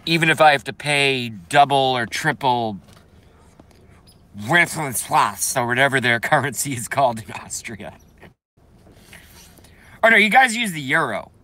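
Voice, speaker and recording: A man's voice: medium pitch, animated, normal speed, sharp tone. A man hosting a casual livestream, reading viewer comments and ranting bluntly with profanity, congested and coughing now and then. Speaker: livestream host.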